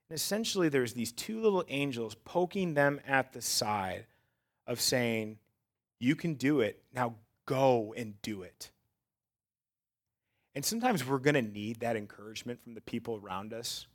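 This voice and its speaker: Conversational man preaching a sermon. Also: medium pitch. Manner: conversational preaching, builds to loud emphatic peaks; self-described sarcastic. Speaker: pastor.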